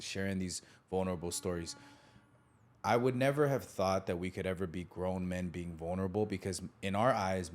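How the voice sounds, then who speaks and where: A deep-voiced podcast host in his thirties recounts a childhood memory in an easygoing manner. Animated throughout, he imitates voices and often breaks into laughter.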